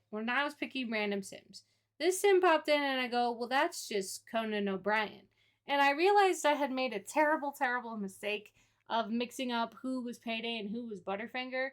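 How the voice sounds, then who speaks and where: A woman's voice: a little high, fairly bright tone. A woman giving casual, chatty commentary while playing a game, laughing often. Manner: chatty and giggly. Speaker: gaming creator.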